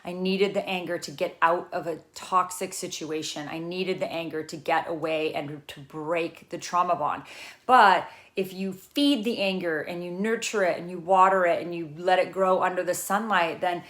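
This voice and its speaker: A middle-aged woman speaks as a trauma recovery coach in a loose, unscripted talk to camera. Her voice sits a little low, and she circles her points earnestly, trailing off and restarting with lots of fillers. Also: steady tone, moderate pace, a bit bright.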